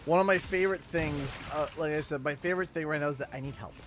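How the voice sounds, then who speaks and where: A Canadian man in his thirties chatting casually while playing a game, telling animated stories and laughing often. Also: fairly high pitch, fast, slight background noise. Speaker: gaming YouTuber.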